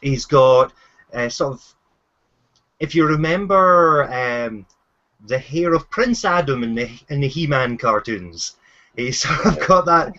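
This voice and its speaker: A man's voice: mid-range voice, animated, slow, pushed and bright, highs cut off. A man running a tabletop game as game master, narrating hesitantly with many fillers and restarts.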